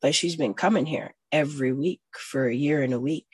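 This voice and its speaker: Woman, 40s, low husky voice; blunt, foul-mouthed recovery testimony, swings from quiet to loud. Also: brisk, few pauses, no echo. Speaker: recovering addict sharing her story.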